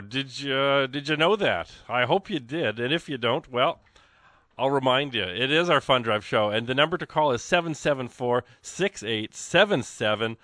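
Chatty radio host man, rambling with bursts of excitement, dry studio sound. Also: mid-range voice, moderate pace, dry recording. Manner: chatty, rambling, exclamatory with frequent fillers. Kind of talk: casual radio fund drive chat.

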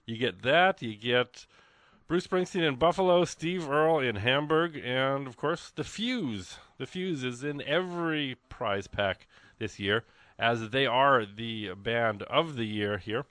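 A man hosting a live radio fundraiser, chatting in an excitable, rambling, jokey way from a studio. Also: medium pitch, slow, no echo. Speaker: radio host. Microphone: studio microphone.

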